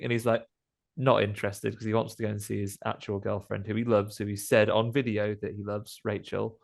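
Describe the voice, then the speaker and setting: Male podcast host, comic film recapper, does quick character voices. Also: on the low side, level tone, gravelly. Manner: jokey recapping, acts out characters in quick asides. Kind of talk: casual film recap chat.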